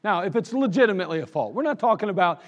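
A man's voice: sits high, big pitch swings, rapid-fire, highs cut off. A man preaching a sermon as pastor, in a conversational style, reading scripture aloud and acting out little everyday scenes. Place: church sanctuary. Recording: long reverb of a church sanctuary.

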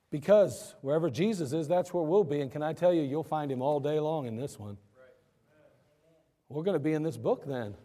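A man preaching a sermon as pastor, animated, asking and answering his own questions. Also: fairly high pitch, moderate pace. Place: church sanctuary. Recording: echoey church hall.

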